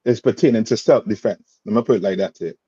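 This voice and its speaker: A man's voice: fairly low pitch, fast, warm tone, breathy edge, dry recording. Male religious teacher, streetwise and repetitive, in a dull, dry recording. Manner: repetitive questioning, streetwise phrasing. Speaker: class teacher.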